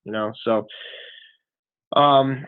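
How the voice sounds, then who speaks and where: A man's voice: mid-range voice, fairly even intonation, extremely slow, smooth. A man in his thirties, a fitness coach giving a casual, earnest motivational talk on a team call, full of fillers. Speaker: guest speaker, fitness coach. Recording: tinny phone line.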